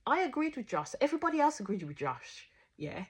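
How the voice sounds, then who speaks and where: A woman's voice: sits high, big pitch swings, brisk, husky. A woman giving casual, outspoken reaction commentary on a reality show, swearing freely as she retells events.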